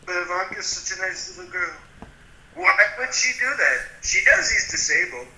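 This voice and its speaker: A condescending, rambling older father who brags about himself, in a gravelly and piercingly bright voice, as a man puts him on. He sits in an echoey room. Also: sits high, very animated, normal speed, full character voice. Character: blustering older father, a famous politician.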